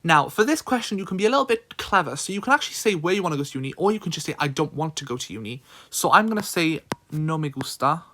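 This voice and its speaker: A man's voice: on the high side, very animated, fast talker, few pauses, fairly bright tone, slight background noise. A man tutoring in a casual screen-recorded lesson, thinking aloud with frequent ums.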